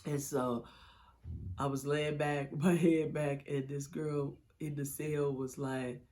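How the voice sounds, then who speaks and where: Her low, dark voice barely shifts in pitch and unfolds slowly. In an interview, this middle-aged woman shares an emotional account of her own life, speaking bluntly and candidly with plenty of swearing.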